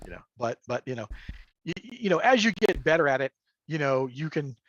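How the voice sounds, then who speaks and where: His voice is on the high side, sing-song, and fairly bright, moving a little fast in a dry recording. He's a guest game master on a laid-back livestream, rambling with plenty of fillers and chuckles, heard through dull lo-fi call audio from a remote mic.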